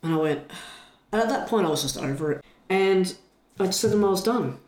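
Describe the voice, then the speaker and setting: A man retelling a story in a casual chat, animated and full of restarts. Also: sits high, brisk. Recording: echoey room.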